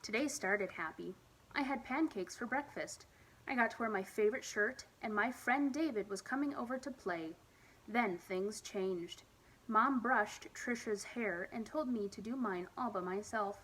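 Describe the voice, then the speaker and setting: A woman reading a children's picture book aloud at storytime, with expressive, lively emphasis. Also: medium pitch, a little slow, breathy edge, poor audio. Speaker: storytime reader.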